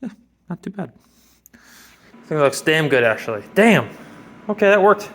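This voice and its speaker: Talking to himself as he works, a male woodworking vlogger narrates his project in a casual, rambling way. His voice sits on the high side with big swings in pitch, and his pace is moderate. He goes into a hushed whisper while doing delicate work.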